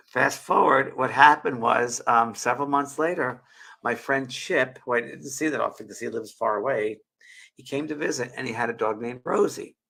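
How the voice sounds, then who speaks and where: A show host in his sixties, speaking into a webcam, tells a heartfelt personal story in a rambling, emotional way with many restarts. His medium-pitched voice is gravelly, pushed, and bright.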